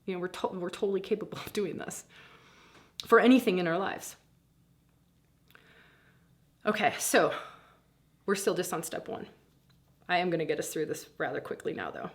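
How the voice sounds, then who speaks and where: A middle-aged woman teaching a guided spiritual practice in a breezy, animated way, laughing often and acting out inner voices. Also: on the low side, fairly quick, pauses often.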